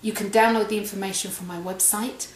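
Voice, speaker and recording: A woman's voice: medium pitch, fairly even intonation, brisk. A woman hosting a casual cooking demonstration in a home kitchen, chatty and repeating her phrases as she tastes the food. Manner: chatty, repeats phrases, talks while eating. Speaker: cooking show host. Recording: echoey kitchen with faint noise.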